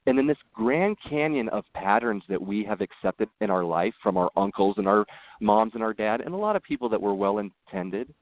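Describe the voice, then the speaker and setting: Earnest low-voiced man on a tinny line. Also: normal speed, no echo. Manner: earnest, animated storytelling with frequent restarts. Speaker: podcast guest. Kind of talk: casual interview conversation.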